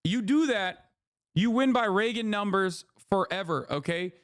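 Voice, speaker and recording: A man runs a live stream of political commentary, and his voice sits a little higher than most men's. He swears freely and repeats himself often, with a lot of "okay?" thrown in. The close mic catches him dry, with no echo. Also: lively intonation, measured pace, a bit bright. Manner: profane, ranting, emphatic.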